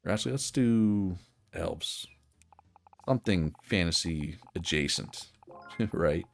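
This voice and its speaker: A man's voice: sits low, animated, slow, vocal fry, soft background music. A man streaming a management game, chatting casually and thinking aloud with many fillers and restarts. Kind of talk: casual gameplay commentary.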